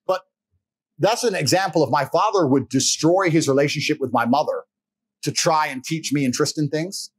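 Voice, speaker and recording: In a casual conversation, a guest with a husky, fairly high voice tells a personal story at normal speed, bluntly and with plenty of profanity. He animates the retelling by voicing the people he quotes. The recording is dry with no echo but poor in quality.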